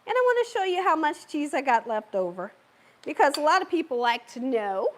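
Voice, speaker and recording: Woman cooking host, live stream, high, bouncy voice, playful and chatty with her viewers. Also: big pitch swings, a little fast. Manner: chatty, talks directly to viewers and live chat; playful, laughs and cheers herself on.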